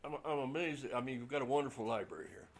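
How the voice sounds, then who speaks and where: An earnest man speaks up from the audience at a library gathering, choosing his words with care. His voice sits at a middling pitch, and a faint background hum is present. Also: animated, fast talker. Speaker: audience member commenting. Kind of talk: casual reflective remarks. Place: public library event room.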